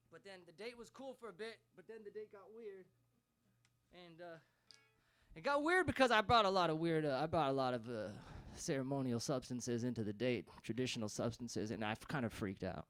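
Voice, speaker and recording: A man's voice: medium pitch, animated, moderate pace, a bit bright. A man doing stand-up, telling a story in a loose, rambling way full of fillers. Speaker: comedian. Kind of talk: stand-up comedy.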